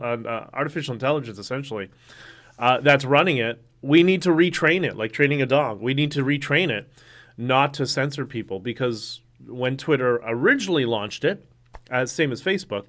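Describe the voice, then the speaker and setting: A man's voice: mid-range voice, a bit bright. A man hosting a casual solo livestream, rambling through topics and viewer comments with many fillers and restarts. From Canada. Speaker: livestream host.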